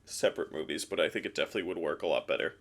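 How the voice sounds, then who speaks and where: A man's voice: low voice, rapid-fire, fairly bright tone. A man co-hosting a casual movie discussion, speaking in an enthusiastic, agreeable way. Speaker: co-host of a movie discussion show.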